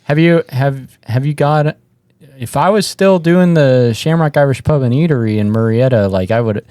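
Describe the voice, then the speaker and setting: A man's voice: mid-range voice, normal speed, warm tone, clear, resonant tone, no echo, studio quality. A man co-hosting a podcast, teasing the guest in casual banter. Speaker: podcast co-host. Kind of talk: casual chat.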